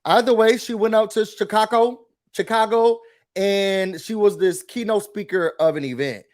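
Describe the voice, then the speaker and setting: A high-voiced male host recaps a reality show casually at a moderate pace. His delivery is animated and full of gossip, and he keeps breaking into mimicry of the cast members.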